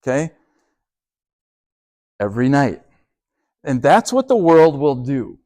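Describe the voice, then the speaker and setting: A lively male youth pastor whose pitch jumps up and down as he teaches. He checks in with his listeners over and over and trips over his own restarts. The sound is close and dry. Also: moderate pace, no room sound. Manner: conversational, keeps checking in with rhetorical "okay?"; restarts and repeats words often.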